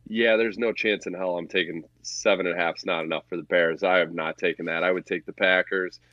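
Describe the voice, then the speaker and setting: A man's voice: low-pitched, fairly even intonation, a little fast, pushed and bright, dry recording, highs cut off. A man co-hosting a casual sports betting podcast, talking bluntly and profanely in a ranting way. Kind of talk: casual chat.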